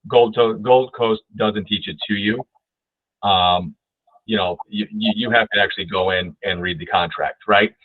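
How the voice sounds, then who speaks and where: A man with a fairly low, husky voice speaks at a moderate pace in a steady tone, with no echo. He's training real estate agents in a webinar over a video call, talking emphatically and frequently asking "right?". The audio is dry and tinny, like a phone.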